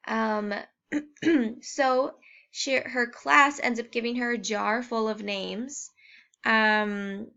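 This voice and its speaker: A woman's voice: fairly high pitch, fairly even intonation, extremely slow, creaky, bright, forceful tone. A young woman giving a casual class presentation, informal, with many fillers and restarts. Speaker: education student presenting. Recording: dull lo-fi home recording.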